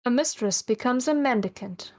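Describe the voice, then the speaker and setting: A woman taking part in a casual live read-along, reading the narration lines in a plain, even way and dropping in wry comments. Her voice sits a little higher than most women's. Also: moderate pace. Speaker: guest co-reader.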